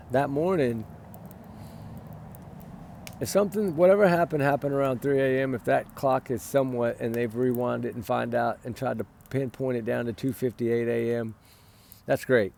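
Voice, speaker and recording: Tired man, dark gravelly voice, rambling casual opinion talk, for a commentary spot. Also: mid-range voice, steady tone, normal speed, long pauses, a little hiss or hum. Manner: rambling, repeats "right?", sighs and yawns. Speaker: commentator on a missing-child case.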